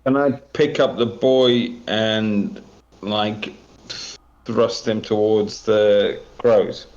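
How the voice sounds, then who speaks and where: A man playing a tabletop game, asking slow, tentative questions. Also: fairly low pitch, steady tone, a little mellow. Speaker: player. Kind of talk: casual tabletop game play. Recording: dull lo-fi audio.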